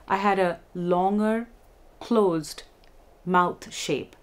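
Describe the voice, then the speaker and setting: A woman vocal instructor giving a music lesson, explaining techniques clearly and demonstrating them. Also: fairly low pitch, slow pace, darkish tone.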